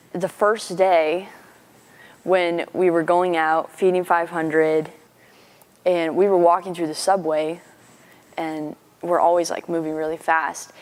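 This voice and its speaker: A young university student from Missouri giving an earnest, chatty personal faith testimony. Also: female voice, lowish voice, fairly even intonation, a little slow. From Missouri, USA. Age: young adult.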